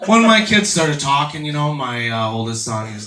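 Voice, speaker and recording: Male stand-up, 30s, crude crowd-work style, animated delivery, roomy distant club recording. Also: medium pitch, fairly quick, background noise. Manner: crude, self-mocking, chatty with the crowd. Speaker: stand-up comedian. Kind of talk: stand-up comedy set. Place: comedy club stage before a laughing crowd. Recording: echoey club room, mic heard from a distance.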